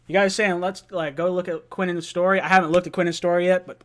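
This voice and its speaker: A young man hosting a live-stream call-in fan show, excited, laughing and often shouting. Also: sits high, fast talker, few pauses.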